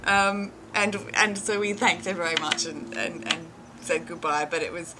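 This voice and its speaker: A woman's voice: fairly low pitch, normal speed, very noisy. An Australian woman telling a casual story, chatty and full of fillers and restarts, often laughing.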